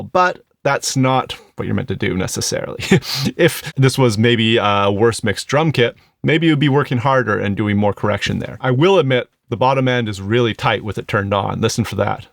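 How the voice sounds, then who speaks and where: Gravelly man explaining in a dry close voice. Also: mid-range voice, no room sound. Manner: relaxed, explanatory, thinking aloud with fillers. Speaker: audio plugin reviewer. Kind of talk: casual screen-recorded tutorial.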